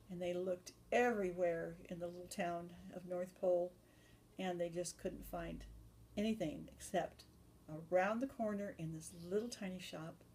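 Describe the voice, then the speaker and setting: A woman's voice: lowish voice, fairly even intonation, normal speed, darkish tone, slight background noise. A woman telling an improvised story to children, loose and chatty with restarts.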